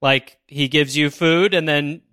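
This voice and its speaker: A man co-hosting an advice podcast, measured when advising and teasing his co-host. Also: fairly high pitch, fairly even intonation, bright, forceful tone, clear, resonant tone, dry recording, clean studio sound. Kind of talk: casual podcast chat.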